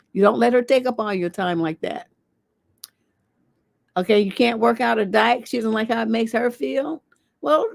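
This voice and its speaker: A woman's voice: medium pitch, vocal fry, no room sound, studio quality. A woman hosting a livestream advice show as a relationship coach, giving blunt, profane, scolding advice.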